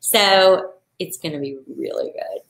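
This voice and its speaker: A woman, a wedding florist, talking casually on a live stream and answering viewer questions in a chatty, animated way. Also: lowish voice, unhurried, creaky, echoey room. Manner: chatty, animated, acts out clients in quoted voices. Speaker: wedding florist and business coach.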